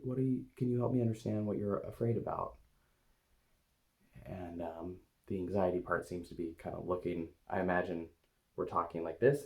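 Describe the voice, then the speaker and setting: A man with a deep voice and a gravelly edge talks softly and hesitantly as he leads a guided meditation on camera. He pauses often and fills the gaps with soft fillers while speaking gently to an inner part with his eyes closed. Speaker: eating coach and video host.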